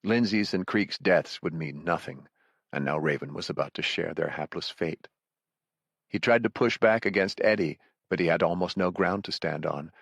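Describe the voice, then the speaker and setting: Deep-voiced male audiobook narrator. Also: moderate pace, creaky, no room sound, clean studio sound. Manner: dramatic, steady storytelling. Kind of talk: scripted narration.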